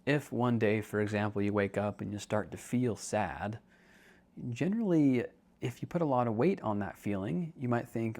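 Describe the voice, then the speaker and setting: A young man with a fairly low voice hosts a relaxed podcast monologue. He is chatty and jokey and calls listeners dude. He shifts between quick asides and slower stretches. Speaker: podcast host and counselor.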